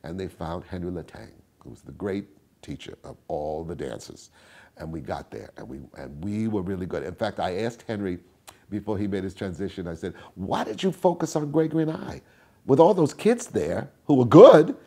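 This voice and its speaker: Older male interviewee, husky and warm-toned, animated storyteller. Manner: animated storyteller, acts out quotes with big swings in pitch and volume. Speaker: interviewee, tap dancer.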